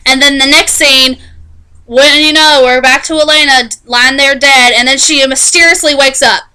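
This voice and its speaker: A woman casually recapping a TV episode in a chatty, animated way, often restarting her sentences. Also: high voice, normal speed, rough recording. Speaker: TV show reviewer.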